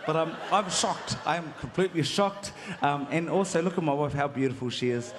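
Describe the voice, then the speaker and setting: A man's voice: fairly high pitch, fairly quick. A man with a New Zealand accent giving a rambling, playful acceptance speech, often laughing. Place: concert hall stage. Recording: large echoing hall with crowd noise.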